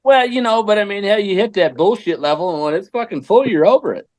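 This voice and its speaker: A man with a fairly high voice talks as a podcast guest, blunt and heavy on curse words. He often stumbles and repeats words before getting going. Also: expressive, quick pace, a little mellow. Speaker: podcast guest, race driver. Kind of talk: casual chat.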